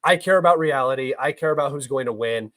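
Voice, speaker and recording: A man's voice: medium pitch, fast, fairly bright tone, no room sound, low-quality recording. A young man hosting a live stream, reading chat questions and answering them in a blunt, argumentative way, sometimes swearing. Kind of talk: heated live-stream commentary.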